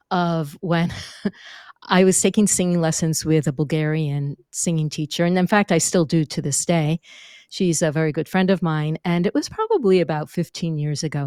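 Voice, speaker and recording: A middle-aged woman, a vocal coach, telling stories in an interview, animated and acting out what others said. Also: low-pitched, no room sound, clean studio sound. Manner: animated, acts out quotes, demonstrates vocal fry. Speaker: speaking and vocal coach, guest. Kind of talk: conversational interview storytelling. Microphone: close microphone.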